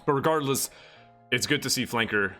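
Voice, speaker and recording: A man's voice: medium pitch, moderate pace, sharp tone, faint music behind. A man streaming live, casually reviewing competitive match replays, rambling and swearing freely. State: getting out of breath.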